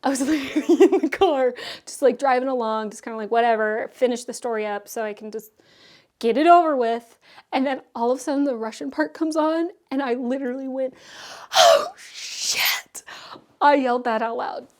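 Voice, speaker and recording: A young woman talking casually and excitably as a book vlogger, reviewing what she read, with many asides and fillers. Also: high-pitched, brisk.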